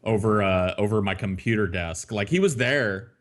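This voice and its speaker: A man's voice: on the low side, moderate pace. A man co-hosting a podcast, telling a crude story in a loose, profane, laughing way. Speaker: podcast co-host.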